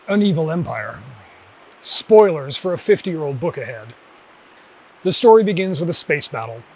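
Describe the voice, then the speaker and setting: A man, the host of a video essay channel, narrating a scripted commentary in a measured, dryly wry way. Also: a little high, slight background noise, rough recording.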